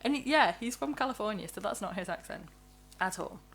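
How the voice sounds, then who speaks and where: This is a woman in casual podcast chat. Her voice rises and falls a great deal, and she rushes through ideas in bursts, breaking off to laugh and restart. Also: medium pitch, husky, soft background music. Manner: animated, quick bursts of speech, frequent laughs and restarts. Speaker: podcast co-host.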